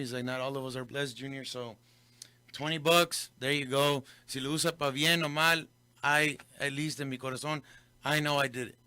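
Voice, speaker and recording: A man's voice: mid-range voice, bright, forceful tone, no echo. A man hosting a local radio show, telling a story and switching between English and Spanish. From Del Rio, Texas. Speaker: radio host. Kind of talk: casual radio talk.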